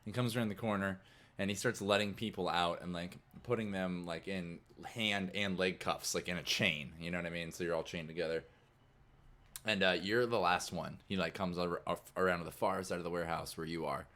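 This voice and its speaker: Rambling game master, low voice. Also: male voice, fairly even intonation, brisk, fairly bright tone. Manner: rambling, filler-heavy narration. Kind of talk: narrating a tabletop game.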